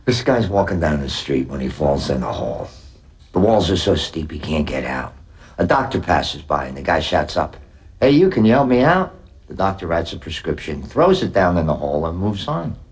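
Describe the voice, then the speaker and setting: An actor in a TV drama playing a calm older man who tells a parable to a friend and acts out its quoted lines. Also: a bass voice, moderate pace. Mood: storytelling. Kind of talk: TV drama acting.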